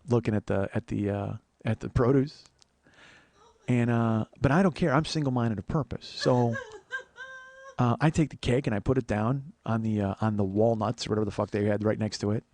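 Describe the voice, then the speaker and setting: Fast-talking profane male comedian. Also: medium pitch, a little mellow. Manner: profane, self-deprecating, rambling with restarts. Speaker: comedian and podcast host. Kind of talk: casual solo storytelling.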